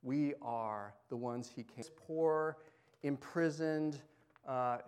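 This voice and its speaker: A man's voice: medium pitch, slow pace, a little mellow, clean tone. A male pastor preaching a sermon in a conversational way, asking the congregation questions and swinging between emphatic lines and near-murmurs.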